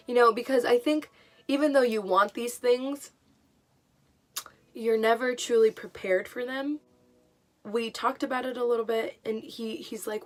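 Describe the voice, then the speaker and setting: A woman's voice: fairly high pitch, fairly even intonation, measured pace, soft background music. A young woman vlogger telling a personal story in a casual, emotional way, with many fillers.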